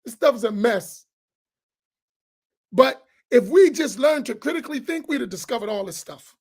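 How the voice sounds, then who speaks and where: A man preaches at full force, challenging his listeners and hammering his points through repetition. His voice sits very high and has a gravelly edge. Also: expressive, normal speed. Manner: loud, challenging, repeats phrases for emphasis. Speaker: imam on a roundtable. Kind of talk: impassioned preaching to an audience.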